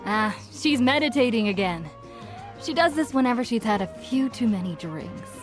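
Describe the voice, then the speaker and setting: A woman voicing a calm young woman companion who explains things in a video game. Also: a little high, normal speed, faint music behind, natural voice.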